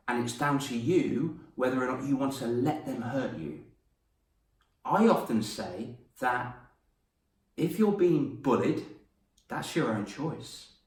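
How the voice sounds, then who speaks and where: Encouraging male coach, mid-pitched, teaching kids live; roomy sound, mic a little distant. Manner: upbeat, encouraging, praising viewers by name. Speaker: confidence coach. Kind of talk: live online lesson for children. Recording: echoey room, voice from off-mic.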